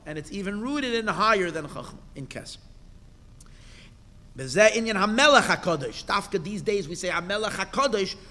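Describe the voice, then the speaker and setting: A rabbi with a high, bright voice teaching a Torah class, recorded with a long reverb that rings through the hall. He reads out each Hebrew phrase, then explains it in English with emphatic bursts and pointed questions.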